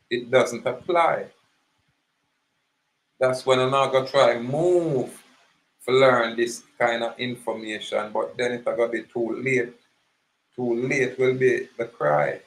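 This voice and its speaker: A man's voice: medium pitch, fairly bright tone, poor audio. A man with a Jamaican accent giving an impassioned, preachy monologue, emphatic and repetitive. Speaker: activist speaker.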